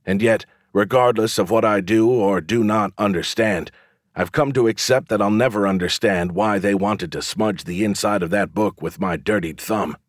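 A man reading a first-person fantasy audiobook in a measured, reflective way on a close studio mic. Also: lowish voice, no echo. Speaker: audiobook narrator.

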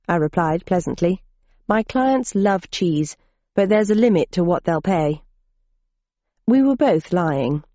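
A woman's voice: lowish voice, mellow, dry recording. A woman narrating an audiobook in first person, with dry, wry storytelling on a dull lo-fi recording.

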